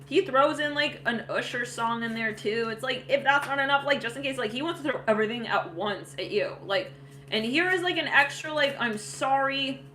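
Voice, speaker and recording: Bright-voiced woman rambling through a tarot reading. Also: fairly high pitch, brisk, a little hiss or hum. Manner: rambling, laughs often, many fillers. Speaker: tarot reader. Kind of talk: casual psychic tarot reading.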